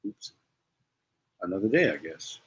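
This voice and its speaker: A man's voice: low voice, very animated, measured pace, fairly bright tone, breathy edge. A man hosting a casual live stream, rambling and self-deprecating as he answers viewers' comments. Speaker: livestream host.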